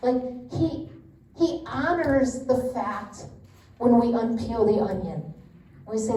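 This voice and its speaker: A woman's voice: on the high side, expressive, slow pace, mellow. A middle-aged woman leading a women's Bible study, talking in a chatty, candid way with lots of asides. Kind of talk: casual teaching talk. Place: church meeting room. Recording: roomy echo, distant mic.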